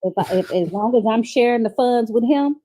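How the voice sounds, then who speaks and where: Mellow, laid-back woman guest. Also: a little high, brisk. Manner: laid-back, hesitant with fillers. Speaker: guest on stream. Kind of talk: casual chat.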